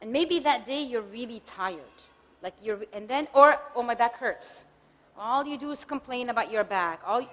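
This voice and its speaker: A woman's voice: on the high side, a little hiss or hum. Woman lecturing in an echoing hall. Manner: conversational, acts out spouses' lines in quick examples. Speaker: speaker giving a talk. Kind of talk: marriage workshop talk. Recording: reverberant hall recording.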